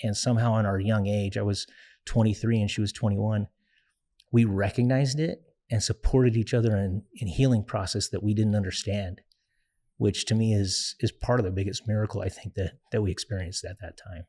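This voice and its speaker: A young adult man, a guest in an interview, telling a personal story in an earnest, reflective way with frequent pauses and fillers. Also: fairly low pitch, fairly even intonation, dark tone.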